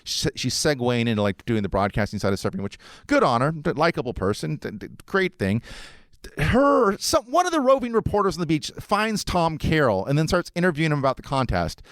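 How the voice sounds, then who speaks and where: A man's voice: a little high, big pitch swings, brisk, fairly bright tone, no echo, studio quality. A man hosting a podcast, ranting in a casual, rambling, sarcastic way and swearing often. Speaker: podcast host.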